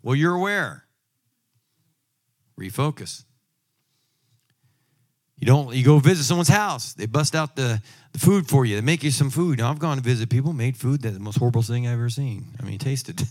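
A man preaching a sermon, emphatic, moving from loud exhortation to quiet asides and humorous personal stories. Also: mid-range voice, expressive, normal speed, pauses often.

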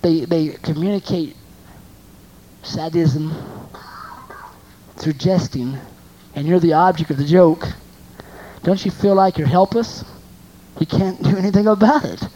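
A preacher delivering a sermon, asking the congregation rhetorical questions and repeating phrases for emphasis, moving between loud emphasis and soft asides. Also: medium pitch, a little slow, pauses often, dull audio.

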